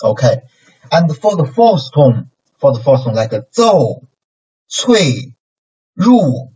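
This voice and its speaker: Recorded on a dull, distant lo-fi microphone, this Chinese-accented man teaches pronunciation by patiently repeating syllables and exaggerating the tones. He sounds very animated yet measured in pace, with a mid-range, dark voice and a breathy edge.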